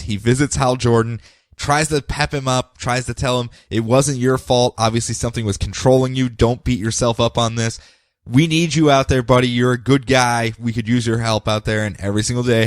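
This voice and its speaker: This co-host, a man with a medium-pitched voice, chats casually about comic books on a podcast and animatedly breaks into playful, goofy character voices. The studio sound is clean, with no echo.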